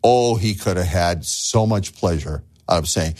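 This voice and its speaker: A man preaching a sermon as a pastor, animated, acting out the voices of the figures in his story. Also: sits low, a little slow. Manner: animated, acts out voices of the figures he tells about.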